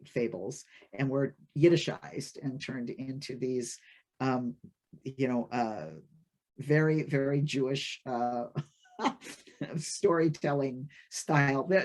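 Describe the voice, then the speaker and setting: A man telling a folk fable in an informal lecture, chatty and halting, with many fillers and restarts. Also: mid-range voice, darkish tone. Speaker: storyteller and lecturer.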